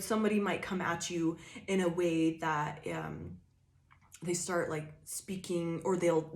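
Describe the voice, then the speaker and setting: A woman's voice: fairly low pitch, reverberant. A woman giving a casual tarot reading, swearing freely and rambling with lots of fillers. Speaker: tarot reader.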